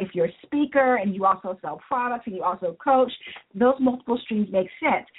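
A woman's voice: on the high side, husky. A woman business coach and author, speaking earnestly and motivationally as an interview guest. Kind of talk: interview guest on a talk show. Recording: tinny phone-line sound.

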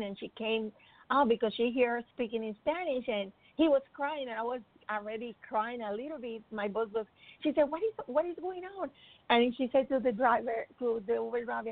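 Gravelly woman telling an emotional testimony. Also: on the high side, moderate pace. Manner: earnest, emotional, acts out quoted voices. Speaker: speaker sharing a personal faith testimony. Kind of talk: emotional faith testimony storytelling. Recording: tinny phone-like dry sound.

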